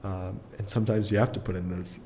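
Low, mellow-voiced young man telling a story. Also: fairly even intonation, fast talker, a little hiss or hum. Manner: rambling, filler-heavy, restarts often, chuckles through his story. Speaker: podcast guest. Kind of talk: casual personal storytelling in an interview.

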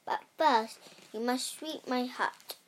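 A young reader voicing a wicked old witch who is hungry and menacing, with a shrill, demanding manner. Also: slow.

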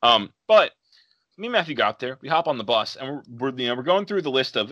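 A young man hosting a casual podcast, his voice bright and forward. He rambles through a story and acts out the voices of the people in it. The sound is close and dry, with no room around it. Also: medium pitch, sing-song, fairly quick, no room sound, dull audio. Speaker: podcast host.

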